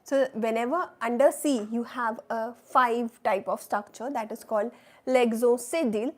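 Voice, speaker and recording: Lady teaching beginner french on a livestream, kinda high voice, takes her time, keeps saying oui? and right?. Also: unhurried. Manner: patient, repeats phrases for learners to echo. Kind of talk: live online language class.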